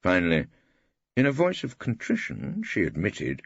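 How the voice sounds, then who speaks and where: An older English man narrating an audiobook in the first person, dry, wry and measured. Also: low-pitched, huge pitch swings, vocal fry, a bit bright, slightly rough, dry recording. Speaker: audiobook reader. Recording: dull dry studio audiobook.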